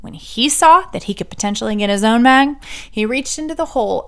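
A woman's voice: on the high side, expressive, a little fast. A woman hosting a true crime podcast, telling the story with sarcastic asides and the odd whispered joke. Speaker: podcast host.

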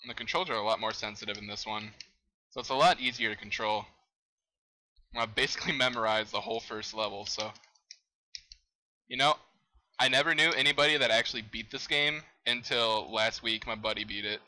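A young man commenting on a game he is playing, excitable, exclaiming and laughing at what happens on screen. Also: lowish voice, fairly quick, pauses often, rough recording. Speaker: gamer. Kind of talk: let's play commentary.

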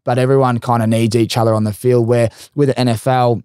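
Australian male podcast host, mid pitch, matey and casual, dry close-mic sound. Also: level tone, a little mellow, clear, resonant tone, dry recording. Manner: chummy, blokey, quick to laugh and swear.

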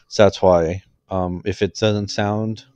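A man reading a fan story aloud, halting and correcting himself as he goes. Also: on the low side, fairly even intonation, a little mellow, no echo. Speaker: fanfiction reader.

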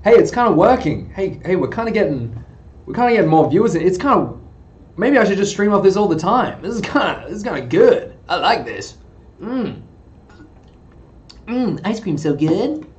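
A man's voice: high-pitched, big pitch swings, normal speed, long pauses. A man streaming to his viewers in goofy, hyped chatter through a cheap webcam mic, swearing, laughing and whooping.

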